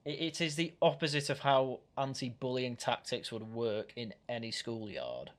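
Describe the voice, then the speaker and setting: A man's voice: medium pitch, normal speed. Guy doing reaction commentary, argues point by point, picks apart a clip. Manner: critical, argumentative, frequently restarts. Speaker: commentary channel host.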